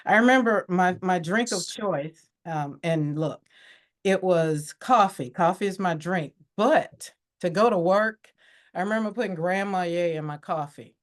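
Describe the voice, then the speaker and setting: A woman with a fairly low voice speaks as a podcast guest, telling her own story. She sounds candid and reflective, and her voice comes alive when she acts out what others said. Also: a little slow. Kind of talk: personal storytelling interview.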